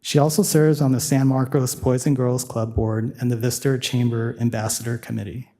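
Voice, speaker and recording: Mellow-voiced man introducing speakers. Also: mid-range voice, little pitch movement, normal speed. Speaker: meeting host introducing guests. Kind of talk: formal introduction at a city meeting.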